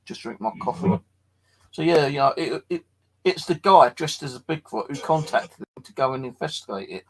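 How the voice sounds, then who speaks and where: A tired man streaming late at night from his flat, telling a rambling, sweary story and chatting to viewers. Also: a little high, moderate pace, creaky, slight background noise, rough recording. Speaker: paranormal live streamer. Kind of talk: casual late-night live stream chat.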